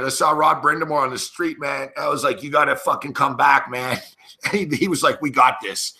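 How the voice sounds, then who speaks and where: A brash middle-aged man tells a sports story to his live chat, swearing freely and laughing between lines. His voice is very bright and cutting and sits a bit high for a man. He talks in loose, casual bursts, like a host riffing. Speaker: sports betting show host.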